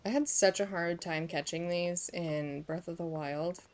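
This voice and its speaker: A woman's voice: fairly low pitch, fairly even intonation, unhurried, slight background noise. Chatty woman streamer musing over gameplay. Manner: chatty, muses aloud, reads game text. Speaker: streamer playing a game. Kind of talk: casual gameplay chat. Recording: faint game music behind.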